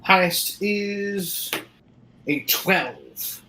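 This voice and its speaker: Tabletop player, bouncy lively voice, bright and sharp, quick playful quips. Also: mid-range voice, roomy sound, poor audio. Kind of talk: casual play at a tabletop game.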